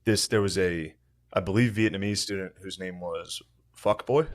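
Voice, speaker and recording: A man co-hosting a podcast, telling anecdotes in a relaxed, easily amused, profane chat. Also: low voice, normal speed. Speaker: podcast co-host.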